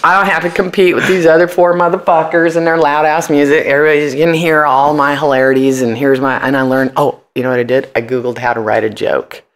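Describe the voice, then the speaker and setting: Again on the high side and fairly bright, his tone now stays level while he talks quickly with few pauses. As an interview guest, the punk musician and comedian in his forties tells profane, blunt stories and impersonates the people he quotes.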